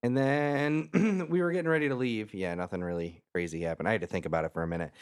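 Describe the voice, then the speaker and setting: A man's voice: fairly low pitch, fairly even intonation, quick pace, clean tone. A laid-back man in casual podcast chat. He tells his story loosely, stopping to backtrack and add details.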